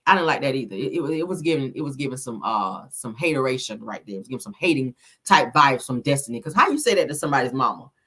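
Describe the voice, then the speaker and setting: A woman's voice: a bass voice, lively intonation, fast, few pauses, bright, forceful tone, slightly rough. A woman hosting a celebrity gossip commentary, blunt, profane and sassy as she reads viewer comments.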